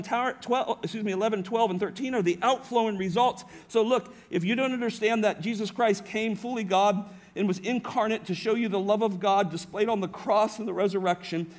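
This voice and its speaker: A middle-aged man with a high-pitched voice delivers a sermon from the pulpit, earnest in tone. As a pastor explaining scripture, he speaks with steady conviction but frequently stops to correct himself and begin a phrase again.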